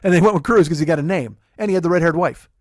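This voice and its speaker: A man's voice: a little high, rapid-fire, no room sound, studio quality. A man hosting a podcast, telling rambling comic stories in casual chat, full of swearing. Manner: profane, rambling, jokey storytelling. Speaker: podcast host.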